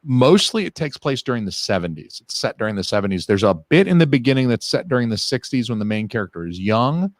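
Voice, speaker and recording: Male podcast co-host, mid-pitched, animated and profane, dry close-mic sound. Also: fast talker, hardly any pauses, no echo. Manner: animated, swears a lot, gets loud and excited. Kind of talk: casual chat.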